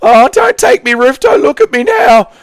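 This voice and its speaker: A man putting on a shrill, wailing old man who has lost his roof. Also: very animated, normal speed, dry recording, full character voice.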